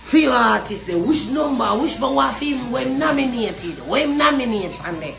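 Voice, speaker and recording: A woman's voice: high-pitched, lively intonation, normal speed, gravelly, few pauses. A Jamaican woman ranting in patois, mocking and boisterous, chanting and singing her taunts. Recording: echoey room with loud music behind.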